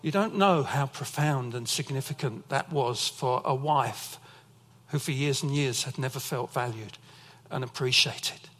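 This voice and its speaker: A man's voice: medium pitch, unhurried, a bit bright, in a large hall. A man preaching a sermon as pastor, telling personal stories as testimony. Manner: storytelling, emotional testimony.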